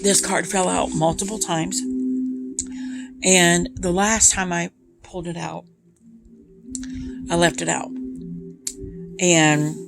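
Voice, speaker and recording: A woman's voice: on the low side, fairly even intonation, takes it slowly, creaky, pauses often, over music. A woman tarot reader chatting casually to her viewers, full of ums and asides. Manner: chatty, many ums, speaks of feelings. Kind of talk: casual chat to camera.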